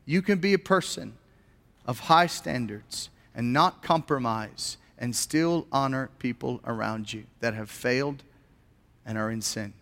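A man's voice: medium pitch, unhurried, creaky, a bit bright, long reverb tail. A man preaching a sermon as a pastor, earnest and posing rhetorical questions to his congregation in a church.

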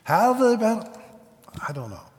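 A man's voice: sits high, very animated, moderate pace, a little mellow. A man preaching a sermon as pastor, reading scripture aloud and explaining it in a conversational way with asides. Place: church sanctuary. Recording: long reverb of a large hall.

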